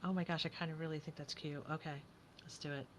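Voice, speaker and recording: Low-voiced woman crafting aloud. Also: fairly even intonation, fast talker, a little hiss or hum. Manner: chatty, thinking aloud, often drops to a whisper. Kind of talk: casual crafting commentary.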